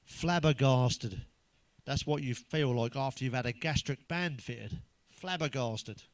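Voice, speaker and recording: An English man doing a stand-up routine of crude, blunt one-liners, full of swearing, who pitches up when he quotes other people. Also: unhurried, dry recording. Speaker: stand-up comedian.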